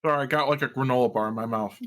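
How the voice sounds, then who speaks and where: A man's voice: medium pitch, rapid-fire, fairly bright tone, slight background noise. A man co-hosting a streamed variety show, joking dryly in casual chat.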